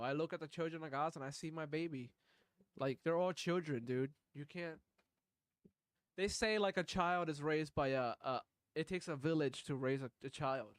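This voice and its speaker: A man's voice: on the high side, clear, resonant tone, no echo. A man streaming live, reacting to videos in blunt, profane, rambling commentary.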